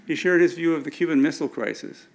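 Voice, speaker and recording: Older man with a gravelly voice, lecturing. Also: on the high side, fast, poor audio. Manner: anecdotal, with frequent restarts and stumbles. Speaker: speaker at an alumni event. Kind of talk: lecture with slides.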